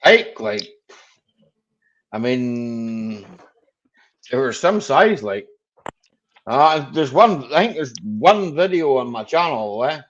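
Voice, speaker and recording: A man's voice: mid-range voice, big pitch swings, slow pace, pauses often, fairly bright tone, dull audio. A man chatting on a live stream, saying "aye" and "eh" and greeting viewers as he talks. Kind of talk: casual chat on a live stream.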